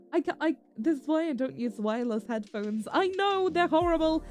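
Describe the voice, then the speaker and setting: A woman's voice: sits high, expressive, moderate pace, hardly any pauses, a little mellow, soft background music. A woman streamer chatting casually with her viewers, affectionate and giggly, calling them darling. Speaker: VTuber streamer. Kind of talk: casual live-stream chat.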